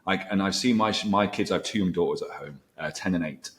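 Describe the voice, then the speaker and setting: A middle-aged male teacher chats as interviewer at a conference. His voice is very low and quick as he tells animated stories. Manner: animated storytelling with quoted dialogue.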